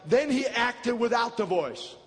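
A man preaching a fiery revival sermon in a large church, shouting and dramatic. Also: very high voice, lively intonation, measured pace, in a large hall. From United States. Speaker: pastor.

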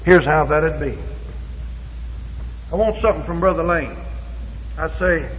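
A man's voice: fairly high pitch, lively intonation, unhurried, pauses often, slight background noise. A man preaching a Pentecostal sermon with fervent emphasis, acting out bits of dialogue, in a church or revival hall. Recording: echoey hall, dull lo-fi.

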